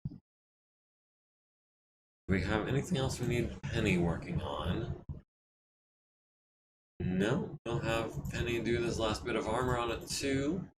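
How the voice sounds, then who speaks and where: A man casually talking through repairs while streaming a strategy game, his throat a bit scratchy and often cleared. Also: fairly low pitch, measured pace, pauses often. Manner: relaxed, thinking aloud while managing repairs. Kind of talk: casual let's-play commentary.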